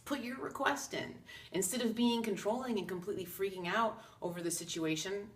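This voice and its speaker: A woman's voice: medium pitch, brisk. A woman casually talking to camera about spiritual ideas in an earnest, chatty way, slipping into quoted asides. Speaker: psychic channel host. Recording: roomy echo, from a distance.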